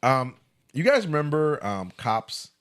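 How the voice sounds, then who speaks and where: Animated man telling stories. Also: on the high side, a little slow, clear, resonant tone. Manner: animated storyteller, acts out quotes. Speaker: co-host. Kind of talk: casual podcast discussion.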